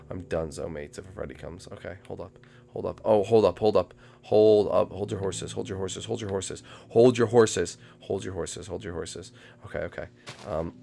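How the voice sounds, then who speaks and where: A young man commentating a game. He repeats his phrases again and again, and swings from hushed muttering to panicked shrieks. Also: sits low, vocal fry. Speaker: gameplay commentator.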